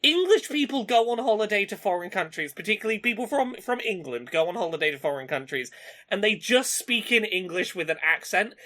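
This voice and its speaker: Lively co-host, bright tone, expressive delivery, casual banter. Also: medium pitch. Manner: animated storytelling, quick to laugh. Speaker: podcast co-host. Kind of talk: casual chat.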